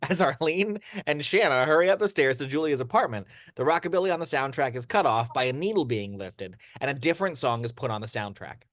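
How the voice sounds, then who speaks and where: A man narrating screenplay action lines in an amateur audio drama, steady but with occasional stumbles and restarts. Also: mid-range voice, fairly quick, hardly any pauses, dry recording, studio quality.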